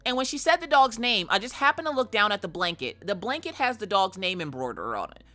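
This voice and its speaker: A woman streamer retells a wild story, animated and full of curses. Her voice is bright and lively, leaping up and down in pitch. Faint music plays behind her. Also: quick pace. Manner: animated, swears freely, dramatic retelling. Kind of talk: casual storytelling chat.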